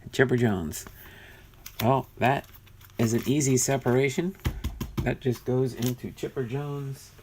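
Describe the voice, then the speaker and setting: A man's voice: medium pitch, slow pace, long pauses, a little mellow, a little hiss or hum. A man casually talking through a box of cards, thinking aloud and muttering as he sorts them. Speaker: card collector vlogger. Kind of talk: casual unboxing commentary.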